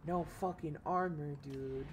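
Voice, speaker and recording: Woman game streamer, low-pitched, loose and profane, with a faint hiss behind. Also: measured pace. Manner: excitable, swears freely, thinks aloud. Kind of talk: casual gameplay commentary.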